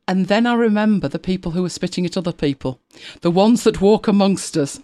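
Here a British woman's mid-range voice, darkish in tone, moves with lively intonation at a normal speed, with hardly any pauses. She is a sarcastic, chatty co-host of a casual live stream who laughs frequently and muses aloud as she reads.

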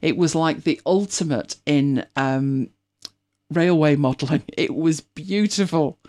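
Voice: mid-range voice, a little slow, a little mellow. Chatty British host, rambling. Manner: chatty and rambling, with many restarts. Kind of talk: casual chat.

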